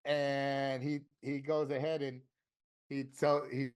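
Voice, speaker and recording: A man's voice: mid-range voice, slow pace, clear, resonant tone. Profane storytelling man from Florida. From Florida, USA. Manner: animated, profane, acts out quoted voices. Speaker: interview guest, tattoo artist. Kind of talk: casual storytelling.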